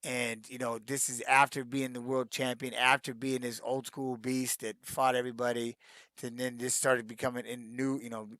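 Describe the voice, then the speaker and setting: A man's voice: mid-range voice, flat delivery, normal speed, pushed and bright, dry recording. Dry, rambling middle-aged man. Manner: rambling, with many restarts and "man, you know" fillers. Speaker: retired fighter answering fan questions. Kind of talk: casual live-stream Q&A.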